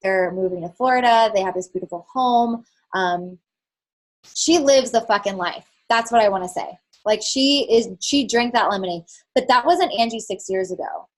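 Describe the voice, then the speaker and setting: A woman's voice: medium pitch, moderate pace. A woman coaching her team on a call, talking frankly and casually with lots of fillers and the odd swear word. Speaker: network marketing fitness coach. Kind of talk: candid motivational team call talk.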